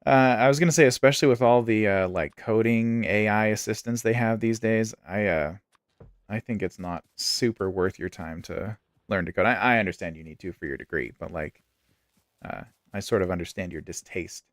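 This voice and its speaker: A man's voice: fairly low pitch, moderate pace, no echo, studio quality. A young man streaming a game, chatting and joking while telling stories. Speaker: gaming streamer. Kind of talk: casual chat while playing a game.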